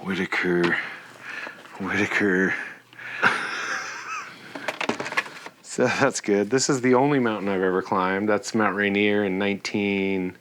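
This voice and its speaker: A man's voice: fairly low pitch, fairly even intonation, measured pace, pauses often, heavy background noise. A man in a documentary interview, recounting stories with a laugh and self-deprecating humor.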